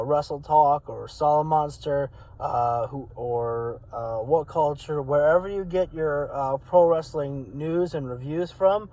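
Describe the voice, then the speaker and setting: A man's voice: on the high side, warm tone, low-quality recording. A man hosting his own channel, talking casually and rambling with many fillers, his voice cracking a little. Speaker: wrestling channel host. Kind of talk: casual talk to camera.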